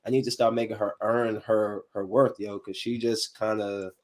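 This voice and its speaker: A man in his thirties hosting a casual podcast panel, telling animated stories in slangy talk and acting out the quotes. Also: lowish voice, normal speed. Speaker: podcast host.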